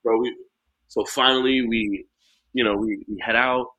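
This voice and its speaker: A man's voice: mid-range voice, fairly even intonation, normal speed, bright, forceful tone, dry recording. A young man, co-hosting a podcast, telling a story in a chatty way and laughing at himself. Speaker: podcast co-host. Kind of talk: casual storytelling.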